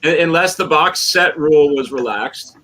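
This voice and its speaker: A man's voice: fairly high pitch, normal speed, pushed and bright, slight background noise, low-quality recording. A man co-hosting a casual chat, speaking hesitantly with frequent restarts. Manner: hesitant, restarts often, laughs easily. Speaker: podcast co-host.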